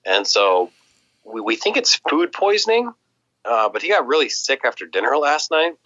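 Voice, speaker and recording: An American man chatting casually on a stream, animated and quoting others in put-on voices. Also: medium pitch, normal speed, no echo, lo-fi sound. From United States. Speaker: guest streamer. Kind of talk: casual chat.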